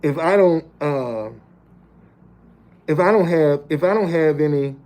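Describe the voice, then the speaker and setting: A man's voice: fairly high pitch, a little slow, darkish tone. A man in his fifties or older telling a personal story as a motivational speaker. He talks plainly to his listeners and often stops to repeat words as he builds a point. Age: 50s or older. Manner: plain-spoken, addresses listeners directly. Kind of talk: storytelling monologue.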